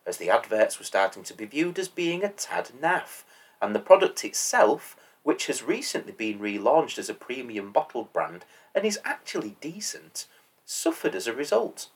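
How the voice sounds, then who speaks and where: A man's voice: mid-range voice, big pitch swings, normal speed, slightly rough, far from the mic. A man hosting a podcast, reading scripted narration in a wry, lightly sardonic manner. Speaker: podcast host.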